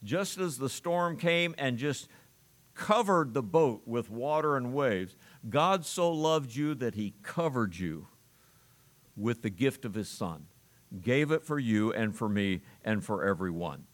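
Pastor, male, mid-pitched, measured sermon delivery with emphatic stresses. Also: lively intonation.

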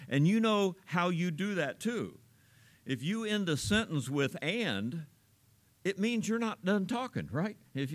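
Folksy preacher man, chatty and rambling. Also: a bit bright. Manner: folksy, rambling, chuckles often; stresses small words with big pitch swings. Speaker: pastor. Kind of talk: sermon.

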